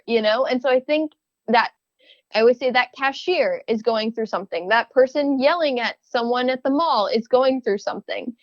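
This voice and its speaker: A woman's voice: fairly high pitch, no echo, lo-fi sound. A young woman as a podcast guest, talking thoughtfully and hesitantly with many fillers. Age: young adult. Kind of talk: casual interview chat.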